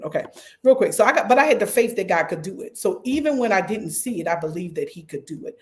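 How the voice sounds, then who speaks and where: Animated woman pastor preaching. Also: medium pitch, fast. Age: 50s. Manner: animated, conversational, addressing the crowd as y'all. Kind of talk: sermon.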